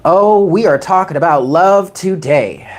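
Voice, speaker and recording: A woman giving a live-streamed tarot reading, chatting warmly with viewers in the chat and moving into spoken prayer and affirmations. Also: fairly low pitch, animated, a little slow, slight background noise. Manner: chatty and affectionate, reads chat names aloud. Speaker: tarot reader.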